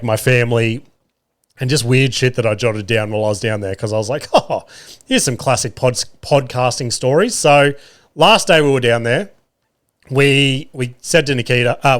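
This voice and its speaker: Australian male podcast host, thirties, loose and animated storyteller, mid-pitched voice, swears freely. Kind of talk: casual storytelling.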